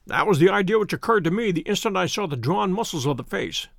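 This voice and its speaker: A cool, sharp-minded detective lays out his reasoning in a quiet, dry and exact way in an audiobook, as a man reads him. The voice sits high and moves with lively inflection, with a gravelly grain. The recording is close and dry. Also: fast talker, no echo, exaggerated voice. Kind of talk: audiobook character voice.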